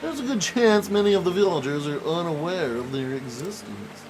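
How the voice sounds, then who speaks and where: A man's voice: a little high, lively intonation, normal speed, faint music behind, voice pushed up, close to an everyday voice. A man voicing a pompous, wordy male scholar detective, reading game dialogue aloud in a formal, lecturing manner.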